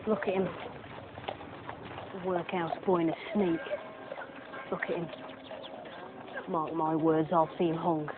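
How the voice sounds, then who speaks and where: An actress playing a sneering, tattling young housemaid, on a tinny old film soundtrack. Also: female voice, deep voice, little pitch movement, slow pace, pauses often, heavy background noise. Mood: spiteful.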